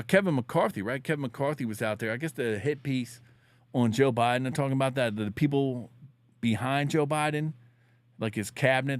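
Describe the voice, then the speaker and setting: A man hosting a casual political commentary show, joking around in loose slang with bursts of shouted catchphrases. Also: medium pitch, dry recording.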